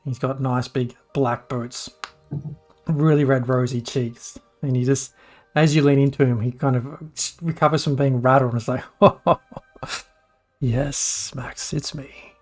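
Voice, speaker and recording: A man's voice: mid-range voice, steady tone, moderate pace, a little mellow, faint music behind. A man with an Australian accent, narrating as game master in a laid-back way.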